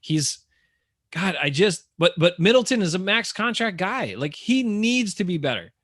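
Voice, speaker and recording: Man, fairly high voice, bright, dry close sound, exasperated sports rant. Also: normal speed, dry recording. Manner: animated, exasperated ranting. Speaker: podcast co-host. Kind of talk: casual sports talk.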